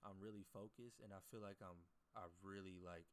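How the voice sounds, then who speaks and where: Young male streamer, low-ish voice, loose and profane, addresses chat directly. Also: fairly even intonation, brisk. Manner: loose, profane slang, talks to chat, restarts often. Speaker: livestreamer and day trader. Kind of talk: casual livestream chat.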